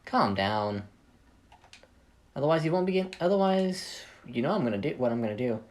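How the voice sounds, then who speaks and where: A man's voice: mid-range voice, big pitch swings, moderate pace, close to an everyday voice. Kat, a man voicing a breezy teenage girl. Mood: soothing. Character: teasing teenage girl, calm older sister.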